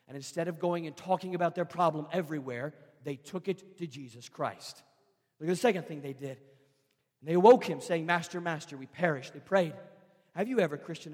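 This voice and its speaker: A man preaching a sermon as pastor, swinging from loud passionate shouting to hushed, pleading tones. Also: a little high, slightly rough, in a large hall.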